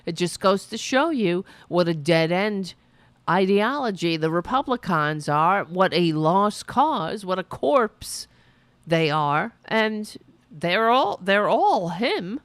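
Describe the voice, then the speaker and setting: Woman host, mocking political commentary, bouncy pitch, drawn-out delivery. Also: very animated, a bit bright, no echo. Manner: mocking, sarcastic asides. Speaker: podcast host.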